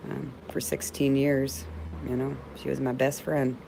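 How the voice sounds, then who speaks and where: Unhurried and rumbling low, with little movement in her pitch, a middle-aged host chats casually on a livestream over background noise. She reads viewers' comments and answers with warmth and heart, calling each of them babe.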